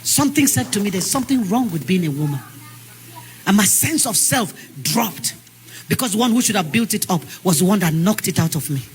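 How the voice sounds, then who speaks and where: A woman's voice: mid-range voice, brisk. A Nigerian woman preacher with a big voice, delivering an emphatic, sing-song sermon.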